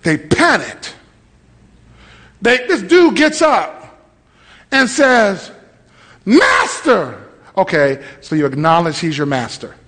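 A man's voice: high voice, expressive, slow pace, pauses often, fairly bright tone. A male pastor preaching a sermon with humor, repeating phrases for emphasis.

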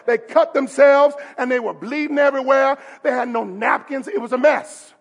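High-voiced male pastor, emphatic preaching. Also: a little fast, creaky, hardly any pauses, slightly rough, lo-fi sound. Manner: emphatic, rises to shouting, call-and-response. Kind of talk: sermon. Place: church service.

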